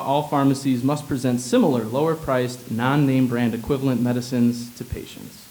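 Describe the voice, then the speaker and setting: A man's voice: medium pitch, rough recording. A young man from Illinois reading his own humorous personal essay aloud in a wry, sardonic tone. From Illinois, USA.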